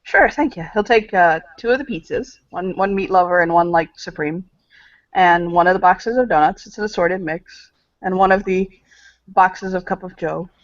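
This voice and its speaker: Man player, halting and jokey, dry dull audio. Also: high voice, dry recording. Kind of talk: tabletop game play.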